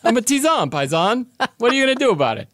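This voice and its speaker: A man's voice: extremely high pitch, very animated, quick pace, fairly bright tone, a little hiss or hum, pitched above the performer's own voice, full character voice. A man voicing a brash, streetwise chamomile tea as a tough male character.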